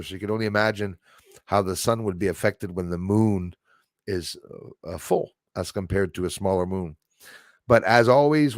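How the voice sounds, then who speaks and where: A man's voice: lowish voice, dry recording, clean studio sound. Rambling man on a livestream. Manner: rambling, animated, many restarts and tag "eh?". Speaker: livestream host. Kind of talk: rambling livestream chat reading viewer comments.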